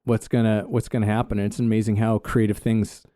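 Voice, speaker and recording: A man's voice: fairly low pitch, level tone, a little fast, warm tone, no echo, studio quality. A man co-hosting a podcast, telling a story with many hesitations and fillers. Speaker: podcast co-host. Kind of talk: casual conversational podcast.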